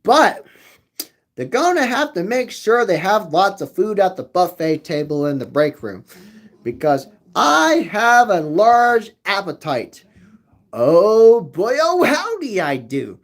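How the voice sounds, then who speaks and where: A man with a fairly high voice hosts a livestream and rambles to his viewers, swooping up and down in pitch. He drawls slowly and loops the same words over and over in a sing-song way. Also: very animated. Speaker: livestream host reading chat. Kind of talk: rambling live chat with viewers.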